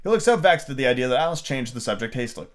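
A man's voice: medium pitch, very animated, rapid-fire. A man casually reading a book aloud as a podcast host, with fillers, slips and crude asides.

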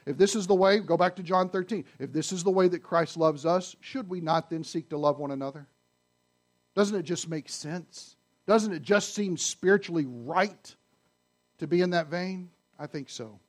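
A man preaching a sermon to his congregation, conversational and animated, often asking the audience questions. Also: high voice. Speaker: pastor. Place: church sanctuary.

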